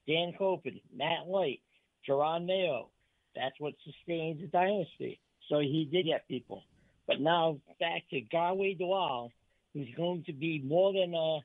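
A man's voice: a little high, no echo. A man calling into a sports radio show, eagerly rattling off names and stats. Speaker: caller. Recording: tinny phone line.

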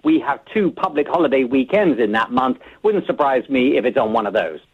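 A male correspondent calling in over the phone, giving measured, thoughtful analysis with many hesitations. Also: mid-range voice, expressive, breathy edge. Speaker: foreign correspondent. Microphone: phone line. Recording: tinny phone line.

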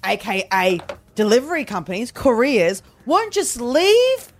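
A woman's voice: fairly high pitch, big pitch swings, a little slow, faint music behind. A woman, co-hosting a podcast and ranting in exasperation, acting out little quoted exchanges. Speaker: podcast co-host. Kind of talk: ranting casual chat.

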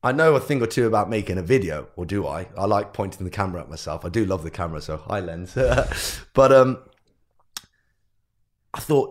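A young man with a low voice tells his story as a podcast guest, bringing his parents and teachers to life as he quotes them. He speaks casually and with energy, and his voice swings up when the story gets lively. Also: a little fast. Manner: animated storyteller who acts out quotes of family. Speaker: guest entrepreneur.

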